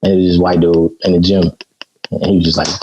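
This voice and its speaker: Low, mellow-voiced man from Chicago. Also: little pitch movement, fast, slightly rough, highs cut off. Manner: laid-back storytelling with many fillers. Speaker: boxer and podcast guest. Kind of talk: casual podcast chat.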